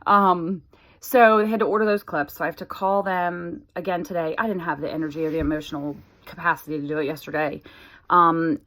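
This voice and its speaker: A woman's voice: lowish voice, fairly bright tone. A woman in her forties talking candidly to the camera, chatty and exasperated. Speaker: vlogger sharing a health update. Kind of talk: casual chat to camera.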